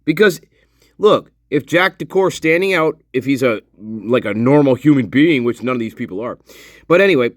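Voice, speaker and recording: Sarcastic man, lively dry voice. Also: mid-range voice, moderate pace, no room sound. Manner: sarcastic and profane, laughs often. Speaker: online commentator. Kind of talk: casual commentary over video footage.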